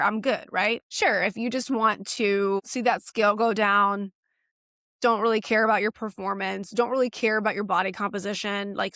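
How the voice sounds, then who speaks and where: A woman's voice: mid-range voice, fairly bright tone, no echo, clean studio sound. A woman in her thirties, a fitness coach host, talking straight to camera in a blunt, sassy way and swearing casually. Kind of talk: direct-to-camera coaching talk.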